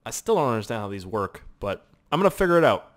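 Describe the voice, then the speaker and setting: A man's voice: medium pitch, sing-song, fast talker. A young man giving loose, joking, profane commentary while playing a video game. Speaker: gaming YouTuber. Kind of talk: gameplay commentary. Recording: game sounds and noise behind.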